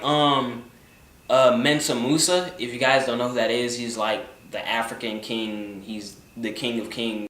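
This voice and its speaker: Recorded roomily and from afar, with a little background noise, a young man chats casually while answering viewers' questions. His medium-pitched voice has a fairly bright tone, and he keeps things loose and jokey, cursing frequently and mumbling as he trails off.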